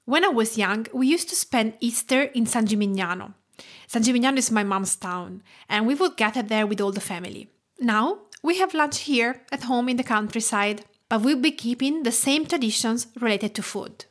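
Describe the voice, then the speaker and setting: A woman's voice: fairly high pitch, lively intonation, normal speed. A woman from Tuscany with an Italian accent, hosting a cooking podcast in a careful storytelling way. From Tuscany, Italy. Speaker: podcast host, home cook. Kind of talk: scripted podcast narration.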